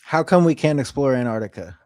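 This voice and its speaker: A man's voice: medium pitch, lively intonation, brisk, darkish tone, no room sound, clean studio sound. Pushy, teasing man hosting a chat show. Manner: pushy, teasing, demanding answers. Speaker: host. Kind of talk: casual online chat show.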